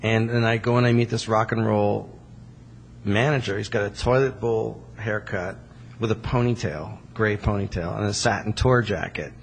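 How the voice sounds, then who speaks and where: A male guest telling animated stories in a casual interview and acting out other people's voices. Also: on the low side, moderate pace, gravelly, long reverb tail, a little hiss or hum. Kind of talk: casual storytelling.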